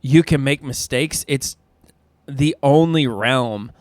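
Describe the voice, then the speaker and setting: A man co-hosting a podcast, telling animated stories in casual chat and laughing often. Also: mid-range voice, slow pace, dry recording. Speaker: podcast co-host.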